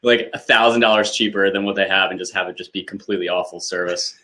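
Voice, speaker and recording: A man's voice: deep voice, steady tone, fast talker, pushed and bright. A man co-hosting a casual business chat, joking around and reacting with short interjections. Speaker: podcast co-host.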